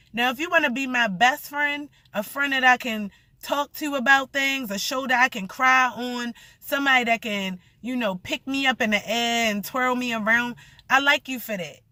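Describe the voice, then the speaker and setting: A woman's voice: high-pitched, normal speed, bright, forceful tone, no echo. A young woman rambling through a blunt, profane story in a casual vlog rant.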